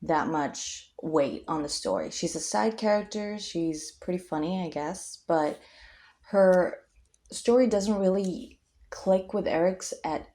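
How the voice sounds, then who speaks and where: Chatty young woman rambling on camera, kinda low mellow voice, lots of ums. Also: slow. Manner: chatty, tangent-prone, many fillers. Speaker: vlogger. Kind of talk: casual rambling book talk.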